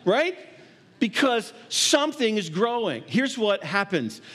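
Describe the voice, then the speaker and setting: A man's voice: high-pitched, big pitch swings, slow pace, a bit bright. A man preaching a sermon in a conversational way, acting out little scenes and laughing along the way. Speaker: pastor.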